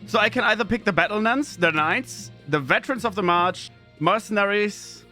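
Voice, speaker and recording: A man's voice: high-pitched, normal speed, bright, forceful tone, faint music behind. A man, streaming a game in chatty commentary, often laughing and reading game text aloud. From Austria. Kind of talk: gameplay commentary.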